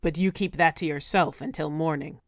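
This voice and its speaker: A woman voicing a harsh male Viking ship's skipper who shouts orders at his crew in an audiobook. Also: sits low, fairly even intonation, normal speed, no room sound, studio quality, pitched below the performer's own voice. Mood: terse.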